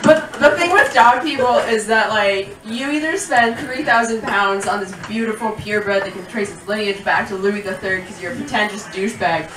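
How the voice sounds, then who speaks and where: A woman's voice: mid-range voice, moderate pace, few pauses. An American woman from Seattle doing a stand-up comedy set, rambling and self-deprecating with many restarts. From Seattle, USA. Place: comedy club with laughing audience. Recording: echoey club taped from far off, loud noise.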